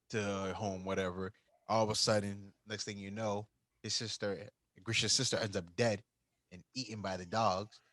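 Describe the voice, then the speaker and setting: A man's voice: lowish voice, fairly bright tone, no echo, poor audio. A man co-hosting a podcast, casually recapping an anime plot and acting out the characters' lines. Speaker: podcast co-host.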